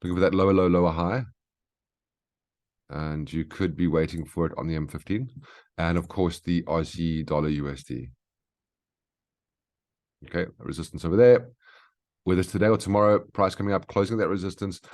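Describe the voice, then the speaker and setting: Low-voiced guy going over forex charts, chatty teacher vibe, lots of okays. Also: steady tone, normal speed, long pauses, a little mellow. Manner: instructive, frequent "okay?" check-ins. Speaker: market analyst host. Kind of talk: live trading chart walkthrough.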